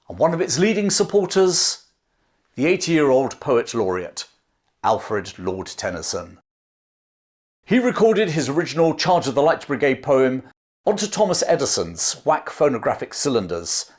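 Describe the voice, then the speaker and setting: Male history narrator, animated pitch, dramatic scripted delivery with falling phrase endings. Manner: dramatic storytelling, falling cadence at phrase ends. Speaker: history storyteller.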